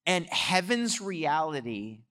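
A man preaching a sermon, telling a story in an animated way and swelling louder on his exhortations. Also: on the high side, slow. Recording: long hall reverb.

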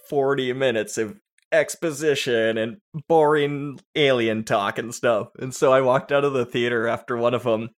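A man riffing on a casual movie podcast, telling jokey stories with quick put-on voices. His pitch sits in the middle range for a man. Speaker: podcast co-host.

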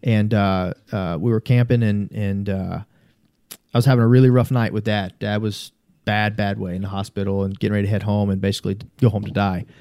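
A man's voice: fairly low pitch, little pitch movement, fairly quick, mellow, no echo. A man talking as a podcast guest, telling long, rambling stories in a casual, earnest way and swearing freely. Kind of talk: casual conversational storytelling.

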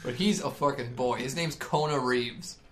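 A man's voice: mid-range voice, normal speed. A man co-hosting a casual podcast, opinionated and swearing casually. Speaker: podcast co-host. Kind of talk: casual chat about wrestling.

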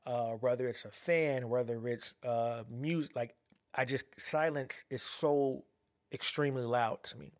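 A man shares a personal story, stopping and restarting often as he searches for his words. His voice sits at an ordinary middle pitch. The sound is dry and close, with no room echo. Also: steady tone. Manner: halting, many restarts and fillers, reflective. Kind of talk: personal monologue about anxiety and a dream.

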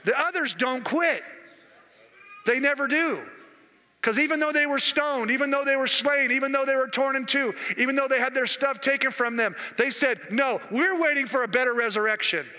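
A male preacher with a very high, piercing voice, driving his sermon with repetition and questions to the crowd. The sound carries a long reverb, as in a large hall. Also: normal speed, bright, forceful tone. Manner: emphatic and repetitive, with rhetorical questions to the congregation.

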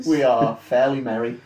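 A man's voice: mid-range voice, warm tone. A drunk young man, throwing in crude jokey quips in casual podcast chat. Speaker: podcast co-host. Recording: roomy echo.

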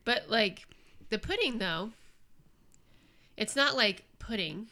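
A woman's voice: on the high side, expressive, slow, pushed and bright. A middle-aged woman co-hosting a podcast, chiming in with dry, teasing, sarcastic asides in casual chat. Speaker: podcast co-host.

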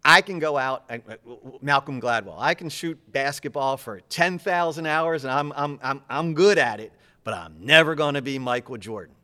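A man who coaches public speaking, talking in an interview with high energy, quick and animated, often repeating words as he goes.

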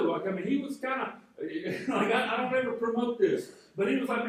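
Guy preaching in a big church, kinda high voice, mic far off and lots of echo. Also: normal speed. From North Georgia, USA. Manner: conversational storytelling with frequent repeated starts. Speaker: pastor. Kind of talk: sermon. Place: large church sanctuary. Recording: very echoey hall, voice from a distance.

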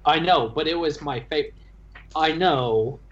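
A man, the dungeon master, chatting about his tabletop game session in a halting, restarting way. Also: fairly high pitch. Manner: halting, stumbling restarts, laughs while telling. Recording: dull lo-fi sound.

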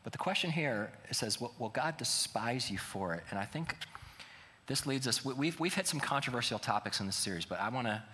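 A man's voice: medium pitch, animated, a little fast, sharp tone, long reverb tail. A man preaching a sermon as pastor, earnest and building to emphatic appeals.

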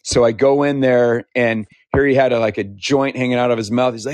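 A man from Idaho, talkative and animated, telling his story in a casual interview and laughing often. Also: medium pitch, a little fast, hardly any pauses, no room sound. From Idaho, United States. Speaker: interviewee, founder. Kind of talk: conversational storytelling.

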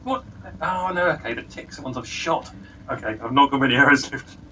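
Bright, hesitant player a bit off-mic. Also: male voice, medium pitch, expressive, a little fast, recorded from a distance, a little hiss or hum, low-quality recording. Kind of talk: casual game chat.

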